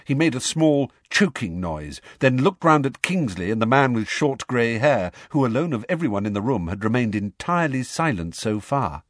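A man reading a storybook aloud in an expressive, measured way. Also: medium pitch, no room sound, studio quality. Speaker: audiobook reader. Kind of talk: storybook narration.

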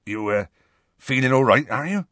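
A man voicing a huge, gruff, kindly half-giant gamekeeper who turns soft and hushed in sad moments. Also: mid-range voice, expressive, normal speed, no echo, clean studio sound, pitched above the performer's own voice, lightly acted. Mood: hearty.

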